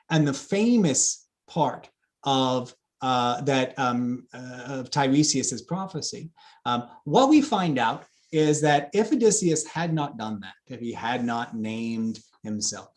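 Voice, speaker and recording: Brief: male scholar, mid-pitched voice, unhurried lecture delivery with frequent ums and restarts. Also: lively intonation, darkish tone. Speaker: classics scholar giving a talk. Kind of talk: explanatory lecture talk.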